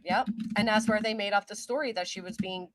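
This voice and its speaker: A woman's voice: mid-range voice, brisk, a bit bright, dry recording. A woman hosting a casual livestream, talking in an indignant, ranting way. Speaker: livestream host.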